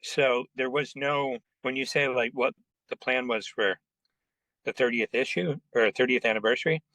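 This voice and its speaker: A man telling lively anecdotes in a casual interview, acting out the people in his stories. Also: mid-range voice, no echo, poor audio. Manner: animated anecdotes with quoted voices, quick asides. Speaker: interview guest, comics writer. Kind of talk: casual storytelling.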